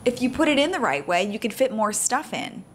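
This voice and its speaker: A woman co-hosting a podcast with her husband, chatting casually and animatedly, laughing often and explaining in quick bursts. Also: fairly high pitch, very animated, a little hiss or hum. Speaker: podcast co-host. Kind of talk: casual married-couple chat.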